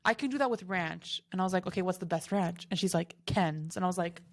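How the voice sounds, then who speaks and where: A woman's voice: on the low side, quick pace. A woman co-hosting a podcast in casual chat, telling stories in a chatty way. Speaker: podcast co-host.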